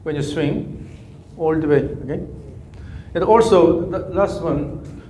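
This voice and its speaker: A man coaching a golf swing, giving calm, repetitive cues and humming through counts. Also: a little high, measured pace, highs cut off, slight background noise. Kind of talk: live coaching session. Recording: echoey room with faint ambience.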